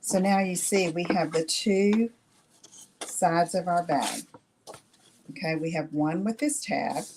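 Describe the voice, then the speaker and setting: Slow, folksy woman teaching a craft. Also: fairly low pitch, darkish tone, slight background noise. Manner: folksy, checks in with "okay?" after each step. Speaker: craft tutorial host. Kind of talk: live craft demonstration chatting with viewers.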